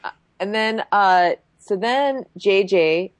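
Co-hosting a podcast, a woman with a mid-range voice chats casually and slowly, with no echo, while recapping a reality show. She's expressive, acts out quotes, and uses lots of filler words.

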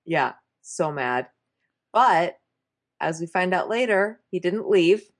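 A woman's voice: lowish voice, animated, takes it slowly. A woman co-hosting a casual recap chat, chatty and amused. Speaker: podcast co-host.

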